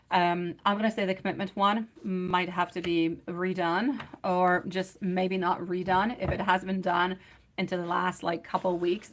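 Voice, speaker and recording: A woman doing a live-stream tarot reading, affectionate and chatty, calling her viewers pet names like sweetie and my love. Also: lowish voice. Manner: chatty, sings snatches while shuffling.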